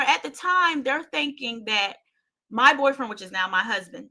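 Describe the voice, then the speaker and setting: A woman's voice: high-pitched, lively intonation, normal speed, sharp tone. A woman hosting her own show, telling a painful personal story with intensity, often repeating herself and speaking straight to her listeners. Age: adult parent.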